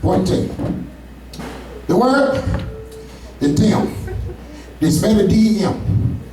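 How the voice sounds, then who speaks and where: A man's voice: sits high, animated, takes it slowly, noisy background. A man doing a stand-up comedy set, telling loose, profane stories with asides to the audience. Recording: echoey room, far from mic.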